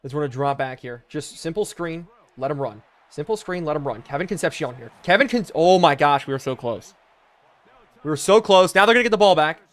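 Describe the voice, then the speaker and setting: A young man streaming a football video game live, calling plays, shouting in excitement and thanking chat. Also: fairly high pitch. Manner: excitable, bursts into loud exclamations, thanks viewers rapidly. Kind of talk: live stream commentary while reading chat.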